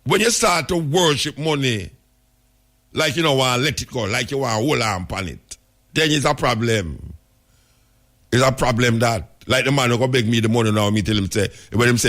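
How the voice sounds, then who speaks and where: A man's voice: medium pitch, animated, moderate pace, fairly bright tone. A man with a Jamaican accent, hosting a talk radio show and telling stories in patois. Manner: storytelling in Jamaican patois, emphatic. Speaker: radio host.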